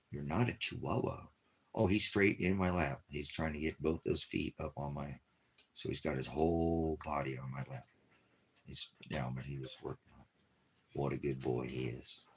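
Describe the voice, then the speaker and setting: A ministry vlogger with a rumbling, husky low voice rambles through a casual monologue at normal speed. He muses about money and leaving town, breaking off in bursts of affectionate baby-talk to his dog.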